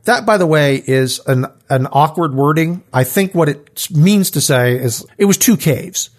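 In a casual Bible study talk, a podcast co-host with a fairly high, slightly slow voice reads verses aloud. He gets animated, acting out the scripture quotes with feeling as his voice rises.

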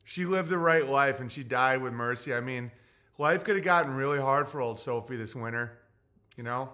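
A man in his forties talks on his livestream with a bright, forward tone, tearful and halting. His speech stumbles through fillers and restarts, and he swears bluntly as he reads chat. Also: medium pitch. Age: 40s. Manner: profane and blunt. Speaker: livestream host. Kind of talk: casual livestream talk reading chat.

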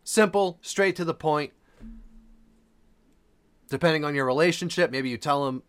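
Earnest man hosting a podcast, higher voice. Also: moderate pace, long pauses, a bit bright, clean tone. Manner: earnest, heartfelt, repeats himself for emphasis. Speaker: podcast host. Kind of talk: casual podcast monologue.

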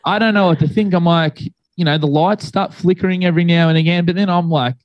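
A man's voice: high-pitched, fairly even intonation, fast, highs cut off. A young man telling a long story in casual chat, rambling and laid-back with many fillers.

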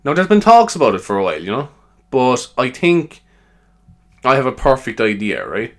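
A man's voice: mid-range voice, wildly swooping pitch, moderate pace, fairly bright tone. A man talks alone in a loose, rambling chat. He is self-amused and leans on fillers as he goes. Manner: chatty, self-amused, lots of fillers and laughs. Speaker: podcaster.

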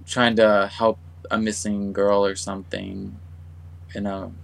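A man talking casually on a podcast, rambling and trailing off as he thinks out loud. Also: fairly low pitch, flat delivery, measured pace, vocal fry, low-quality recording. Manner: rambling, trails off and restarts, soft-spoken. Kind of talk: casual chat.

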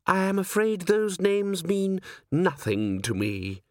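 Silky vampire lord, man doing him, way up high, slow and sly, dry close sound. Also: big pitch swings, dry recording, full character voice. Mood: unruffled evasive. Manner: smooth, mock-polite, drawn-out. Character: suave, silky male vampire nobleman, sly and unruffled. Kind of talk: audiobook character voice.

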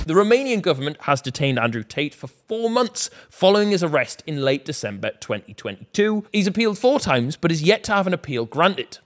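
A man's voice: high-pitched, big pitch swings, moderate pace, faint music behind. A man with a British accent hosting a comedy news roundup, delivering scripted items with sarcastic asides and swearing. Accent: British English.

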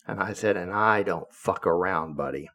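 A man's voice: low-pitched, normal speed, fairly bright tone. A man telling a story from his own working life in a casual, blunt way, cursing freely and pressing hard on his own quoted words. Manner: blunt, profane, emphatic when quoting himself. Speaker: contracting professor telling a story. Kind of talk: casual first-person storytelling.

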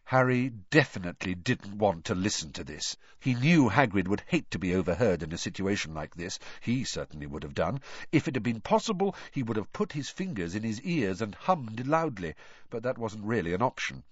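A man narrating an audiobook with an expressive, varied storytelling delivery. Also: on the low side, normal speed, slightly rough, dry recording. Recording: dull lo-fi dry audio.

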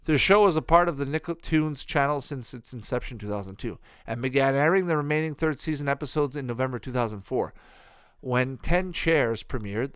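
A man's voice: medium pitch, no room sound, clean studio sound. A man giving casual, rambling watch-along commentary on an old cartoon, profane and offhand with mocking asides. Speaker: cartoon reviewer.

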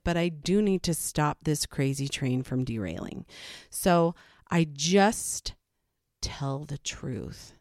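In a casual talk, a mother who vlogs about parenting gives frank, matter-of-fact advice, breaking into animated quoted asides. Her voice sits low, and the studio-quality recording has no room sound.

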